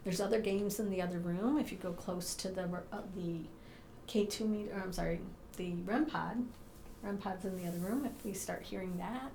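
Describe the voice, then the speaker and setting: A woman doing a paranormal investigation in a room of her own house, gently and patiently coaxing unseen presences to speak, with frequent ums. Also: mid-range voice, moderate pace, gravelly, reverberant, slight background noise.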